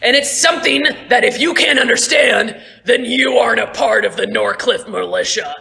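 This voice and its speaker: Gm doing a ranting captain guy yelling high and loud, bright harsh tone, echoey phone audio. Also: normal speed, vocal fry. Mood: enraged. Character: furious bigoted male militia captain. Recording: echoey room, phone mic.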